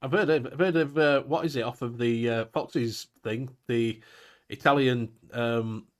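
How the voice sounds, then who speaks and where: A man's voice: medium pitch, unhurried. A man, hosting a casual live-stream chat, reading out viewer comments, laughing often and swearing casually. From England.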